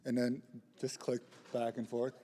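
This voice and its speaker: A young man giving a lively lightning talk, joking with the audience and pushing them into call-and-response. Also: mid-range voice, a little slow, a little hiss or hum. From southeast side of Chicago. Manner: playful, rallying crowd call-and-response. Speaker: community organizer speaker. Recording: reverberant hall, live talk.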